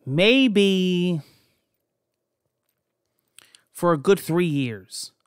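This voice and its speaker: Brief: young male podcast host from New Jersey, fairly high voice, loose and profane storyteller, dry close recording. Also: lively intonation, extremely slow, smooth, dry recording. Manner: rambling, profane, frequent restarts. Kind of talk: casual personal storytelling.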